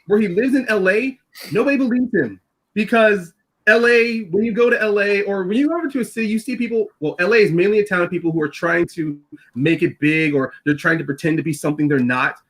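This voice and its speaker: A man with a notably high voice, chatting casually on a group podcast. He talks in an animated way, with laughter and quick asides. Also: poor audio. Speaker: podcast panelist.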